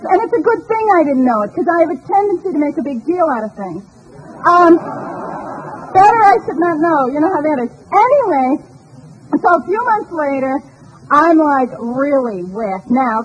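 A high-voiced woman in her sixties tells her personal story in a chatty, self-mocking way, full of fillers and quick asides. The recording sounds slightly dull, with a faint hiss underneath. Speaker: speaker sharing her recovery story. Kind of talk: personal testimony talk.

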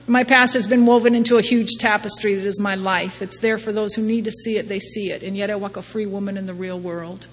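A woman's voice: medium pitch, steady tone, fairly quick, hardly any pauses. Middle-aged woman doing her recovery share, wry, laughs at herself a lot, big echoey hall, little hiss. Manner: self-deprecating, wry, laughs often. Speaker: recovery meeting speaker. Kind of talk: personal testimony talk. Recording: long hall reverb, faint background noise.

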